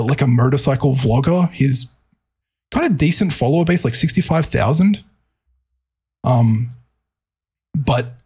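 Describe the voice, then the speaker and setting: Husky guy on a podcast, kinda hesitant, repeats himself a lot. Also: a little high. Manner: hesitant, repeats words, many fillers. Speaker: music producer. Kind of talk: casual podcast chat.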